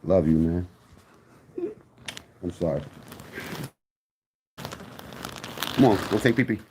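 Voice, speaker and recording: A man's voice: sits low, expressive, slow, darkish tone, a little hiss or hum. A man talking loosely and streetwise in a rambling home vlog, swearing often and drifting between asides. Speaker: channel host. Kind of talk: casual rambling vlog talk. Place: at home, indoors. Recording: echoey room.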